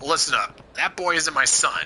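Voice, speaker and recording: A man voicing a stoic, tough male yakuza hero in a video game, speaking low, steady and deadpan. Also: normal speed, a little hiss or hum.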